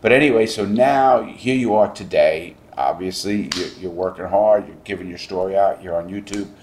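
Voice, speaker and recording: A man's voice: low voice, normal speed, darkish tone, slight background noise. A middle-aged man interviewing a guest, blunt and emphatic, swearing freely. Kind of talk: casual interview.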